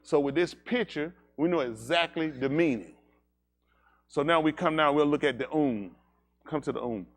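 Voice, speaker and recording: A man's voice: a little high, moderate pace. A man leading a congregation in an emphatic teaching sermon, firing rhetorical questions at the room. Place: synagogue service.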